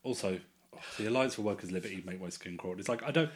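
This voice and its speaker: Deadpan, mocking low-voiced man. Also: quick pace. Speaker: podcast co-host. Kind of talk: casual political chat.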